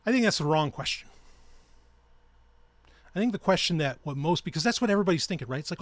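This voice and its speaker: A man's voice: a little high, expressive, fast, pauses often, no room sound. A man hosting his own podcast, ranting in a heated, profane and sarcastic way. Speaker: podcast host. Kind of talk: ranting solo podcast talk.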